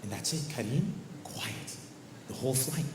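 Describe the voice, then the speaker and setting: A male stand-up comedian telling a story on stage, animated and acting out characters. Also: medium pitch, moderate pace, noisy background. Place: comedy show venue. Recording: echoey venue with faint ambience.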